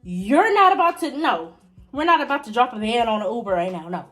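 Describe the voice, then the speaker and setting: Speaking a little fast over soft background music, a young woman shares a story with her viewers in a relaxed, chatty way. She addresses them directly, and her voice leaps in pitch at the exciting parts.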